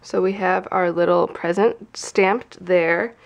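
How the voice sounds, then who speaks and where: A woman's voice: fairly low pitch, fairly even intonation, slow pace, gravelly, dull audio. A young woman explaining a card-making project at an easy, chatty pace. Her voice is stuffy and nasal from a head cold. She walks through each step as she works. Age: young adult. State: congested from a cold. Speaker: craft tutorial host. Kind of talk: casual how-to narration.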